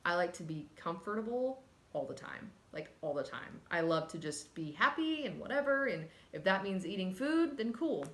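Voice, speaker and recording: A woman's voice: lowish voice, big pitch swings, normal speed, a bit bright. A woman talking candidly and earnestly in a personal vlog, emotional at times and casual with fillers. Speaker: vlogger. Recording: echoey room.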